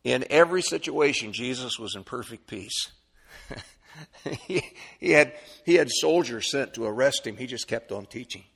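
Animated preacher in a reverberant hall. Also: male voice, normal speed, vocal fry, breathy edge. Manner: animated, swings from loud high exclamations to low soft asides; folksy, repeats words, chuckles often. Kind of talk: sermon. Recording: long reverb of a church hall.

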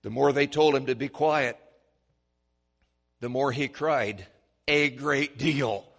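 A male preacher giving a sermon, swinging from hushed, slow pleading to loud, high-pitched shouts. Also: vocal fry. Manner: dramatic swings from quiet to shouting.

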